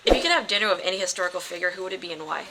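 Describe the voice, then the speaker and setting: Fast-talking woman firing off interview questions. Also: on the low side, expressive, over loud music, rough recording. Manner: brisk, direct questioning. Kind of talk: reading quick-fire interview questions.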